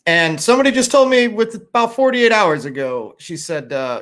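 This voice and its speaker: A fairly high-voiced middle-aged man from Chicago, chatting on a livestream. He rambles loosely, sounds tired, and swears freely. He talks to his viewers in a loose, unscripted way. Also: lively intonation, moderate pace, fairly bright tone. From Chicago area. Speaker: livestream host. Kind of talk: casual livestream chat.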